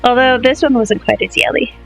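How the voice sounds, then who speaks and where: A woman's voice: on the high side, a little fast, gravelly, a bit bright, poor audio. A woman on a casual podcast book chat, teasing her friends, swearing and laughing often. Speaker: podcast co-host. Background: background music.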